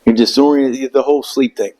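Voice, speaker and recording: A man's voice: mid-range voice, fairly even intonation, brisk, mellow, low-quality recording. A middle-aged man telling a rambling, profane story in casual chat, acting out quotes in raised voices. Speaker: Marine veteran guest.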